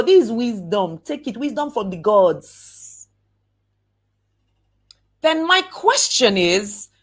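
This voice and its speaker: Woman, lively motivational speaker, highish voice, unhurried delivery. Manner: animated, acts out examples, slow drawn-out emphasis. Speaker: speaker coaching on networking.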